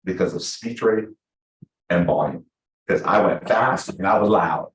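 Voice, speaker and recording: A man teaching a live class to real estate agents, chatty and animated, acting out the people he quotes. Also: low-pitched, a little slow, a little hiss or hum. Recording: echoey room.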